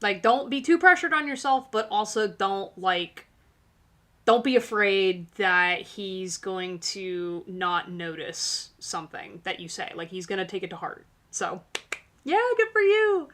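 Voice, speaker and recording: A woman reading tarot on a live stream in a relaxed, chatty way, full of little fillers and reassurances. Her voice is bright and clear, sitting at an ordinary middle pitch. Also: unhurried. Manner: chatty, filler-heavy, encouraging.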